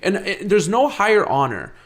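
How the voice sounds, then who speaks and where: A man co-hosting a sports podcast, talking excitably in casual chat, often restarting and swearing. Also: high voice, normal speed. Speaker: podcast co-host.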